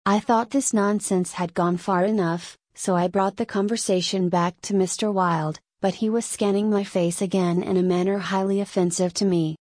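An audiobook narrator, a woman with a middle-pitched voice, reads a classic novel in measured, even scripted narration. The recording is dry and close, with no room sound.

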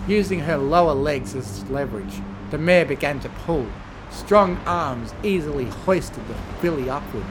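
Male reader for a dark fan fiction, a touch high, dramatic measured narration. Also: animated, noisy background. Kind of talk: horror story narration.

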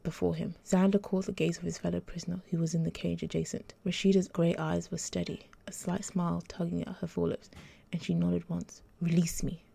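A woman author reading her own story aloud in an even, measured audiobook narration. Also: on the low side, vocal fry.

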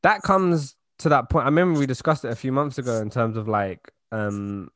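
A young man keeps a podcast moving in easy, joking chat. His voice is middle-pitched and unforced. It is recorded close up and dry, with no reverb. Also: fairly quick. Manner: relaxed, joking, steers the talk like a host. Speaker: podcast co-host. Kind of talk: casual chat.

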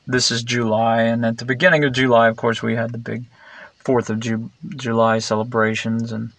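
A man's voice: medium pitch, level tone, normal speed, a bit bright, no echo. A man talking in a rambling opinion monologue, meandering and digressive, blunt and sarcastic, full of fillers and restarts. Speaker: vlogger.

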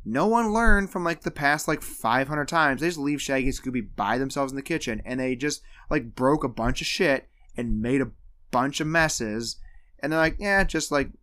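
A man co-hosting a casual podcast, recapping a cartoon movie and acting out the characters' lines with lively energy. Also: mid-range voice, normal speed. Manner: animated, acts out characters' lines while retelling. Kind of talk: casual chat.

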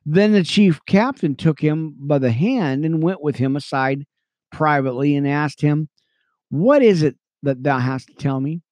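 Excitable man reading scripture, dry sound. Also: a little high, unhurried, dry recording, dull audio. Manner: excitable, chatty asides to listeners. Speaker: radio Bible teacher.

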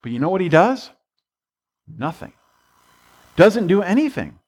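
A man's voice: high voice, big pitch swings, a little slow, a little mellow, slightly rough. A pastor preaching a sermon, retelling a story in a loose, conversational way and voicing the characters with "he's like".

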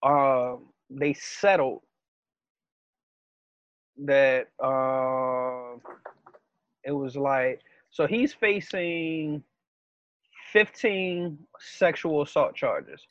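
A man's voice: medium pitch, extremely slow, long pauses, fairly bright tone, lo-fi sound. A man co-hosting a podcast, laid-back and slangy, laughing easily. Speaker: podcast co-host. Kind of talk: casual chat.

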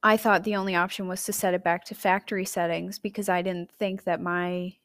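A young adult woman hosting a podcast, chatty and candid, telling a personal story with emotive jumps in pitch and loudness. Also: flat delivery, a little fast. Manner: chatty and candid, addressing listeners directly. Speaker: podcast host.

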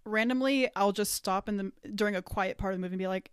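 A woman's voice: medium pitch, fast, clean tone, no room sound, studio quality. A woman hosting a tabletop gaming podcast in casual chat, upbeat and giggling between thoughts. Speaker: podcast host.

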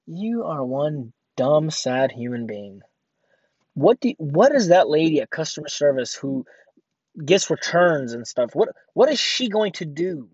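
A man's voice: fairly high pitch, breathy edge, dry recording. A man who works at a grocery store, rambling through a sarcastic casual rant with lots of fillers. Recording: dull lo-fi dry audio.

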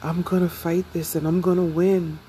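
A young adult woman speaking slowly and reflectively in an emotional, confessional personal vlog. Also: lowish voice, flat delivery, mellow, a little hiss or hum, rough recording. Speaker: vlogger.

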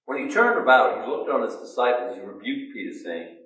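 Preacher man in an echoey hall. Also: normal speed. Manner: animated storytelling, acting out quoted voices with big pitch jumps. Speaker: pastor. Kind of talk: sermon. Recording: echoey room, distant mic.

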